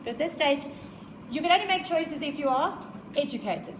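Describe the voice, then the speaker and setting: South African woman teacher, high voice, emphatic and repetitive, lecturing a class. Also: lively intonation, moderate pace, echoey room, noisy background. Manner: emphatic, repeats points, quizzes the class.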